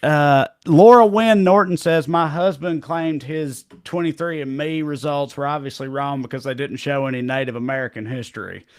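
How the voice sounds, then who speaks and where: A man's voice: on the high side, normal speed, hardly any pauses. A man with a Southern US accent hosting a casual comedy chat show, reading viewer comments aloud, joking about himself and laughing often. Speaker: show host.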